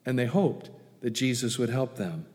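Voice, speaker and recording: A male pastor preaching a sermon, urging loudly one moment and dropping to soft, hushed asides the next. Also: mid-range voice, lively intonation, moderate pace. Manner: emphatic, swings between loud urging and soft hushed asides. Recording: reverberant hall.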